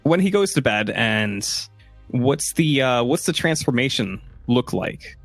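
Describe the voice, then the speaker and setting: A man's voice: mid-range voice, expressive, measured pace, soft background music. A man narrating a tabletop game as game master, telling the story casually with filler words.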